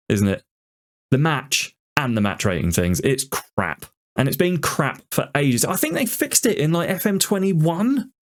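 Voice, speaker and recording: A man's voice: a little high, very animated, normal speed. A man commentating on his football management game, ranting in exasperation about it. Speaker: gaming YouTuber.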